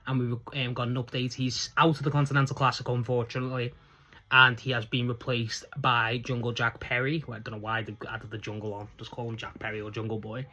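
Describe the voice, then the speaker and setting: A man's voice: medium pitch, little pitch movement, fairly quick, sharp tone. A man giving a casual solo review recap, chatty and rambling, gushing enthusiastically and laughing as he goes. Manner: enthusiastic, gushing about favourites. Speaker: wrestling show reviewer.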